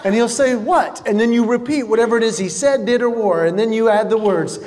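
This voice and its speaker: A man performing stand-up comedy, telling animated stories and acting out what other people said. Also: extremely high pitch, fairly quick. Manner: animated storytelling, acts out other people's lines. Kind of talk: stand-up comedy to a live audience. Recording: hall reverb with faint noise.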